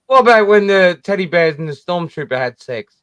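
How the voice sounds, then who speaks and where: A man's voice: high voice, expressive, brisk, fairly bright tone. A man chatting casually as a guest, brash and laughing, with heavy swearing. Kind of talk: casual chat.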